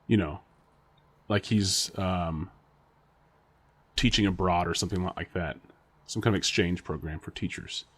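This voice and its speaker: A man's voice: deep voice, unhurried, pauses often, a bit bright, slightly rough. A man co-hosting a podcast in casual chat, rambling and speculating with frequent laughter. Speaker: podcast co-host.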